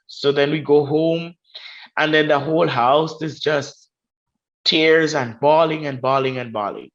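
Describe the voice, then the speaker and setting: A woman's voice: deep voice, dull audio. Grenadian woman telling a vivid story. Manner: vivid, acts out quoted voices. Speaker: podcast guest. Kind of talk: personal storytelling.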